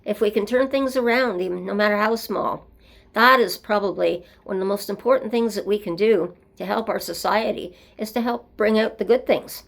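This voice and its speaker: A woman's voice: medium pitch, normal speed, vocal fry. A woman hosting a solo show, speaking in an earnest, meandering way as she reflects and tells stories. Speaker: host.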